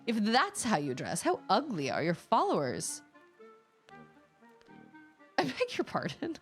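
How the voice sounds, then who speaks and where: A woman's voice: mid-range voice, wildly swooping pitch, unhurried, soft background music, voice pushed up. A woman voicing a haughty, catty fashion merchant from a video game, reading the lines aloud with a sneering, dramatic delivery. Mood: snooty.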